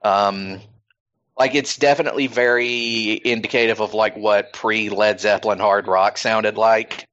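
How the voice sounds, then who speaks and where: A man's voice: fairly low pitch, fairly even intonation, unhurried, fairly bright tone. Rambling man hosting a podcast, lo-fi. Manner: rambling, filler-heavy. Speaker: podcast host. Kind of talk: casual chat.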